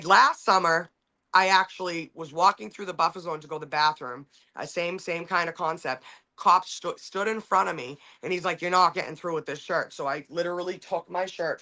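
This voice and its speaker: A woman's voice: lowish voice, creaky, sharp tone. A woman in her forties, a podcast host, telling a rambling, profane story in casual chat with many restarts.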